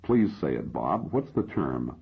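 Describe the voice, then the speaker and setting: A man voicing a calm, persistent male AI therapist in an audiobook, asking patient probing questions. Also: a bass voice, a little slow, gravelly, husky, exaggerated voice. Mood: coaxing. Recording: dull lo-fi audio.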